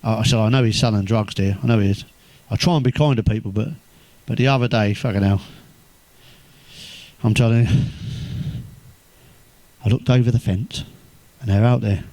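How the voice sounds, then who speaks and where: English male comic, foul-mouthed deadpan joke-teller, dry close sound. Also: on the low side, moderate pace, long pauses, no echo. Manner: swears constantly, deadpan one-liners, chuckles at own jokes. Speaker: stand-up comedian. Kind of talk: crude stand-up joke telling.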